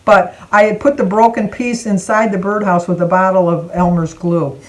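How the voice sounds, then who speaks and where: An older woman from Michigan tells a long family story to camera. Her voice sits at a middle pitch. She talks casually and acts out the other people's lines with lively changes in her voice. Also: normal speed, low-quality recording. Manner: animated, acts out quoted voices. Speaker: vlogger.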